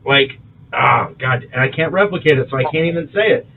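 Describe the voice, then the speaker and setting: A man co-hosting a podcast in loose, profane casual chat, animated and quick to laugh. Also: mid-range voice, creaky, narrow, tinny audio, a little hiss or hum. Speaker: podcast co-host.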